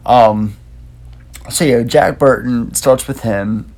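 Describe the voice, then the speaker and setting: Laid-back man with a gravelly edge, rambling casual movie podcast host. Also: medium pitch, takes it slowly, darkish tone. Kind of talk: casual movie review chat.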